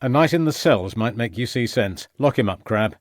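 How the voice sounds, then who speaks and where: Man doing a stern inspector, firm threatening questions, lively up and down voice. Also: medium pitch, normal speed, no echo, clean studio sound, close to an everyday voice. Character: stern male police inspector interrogating.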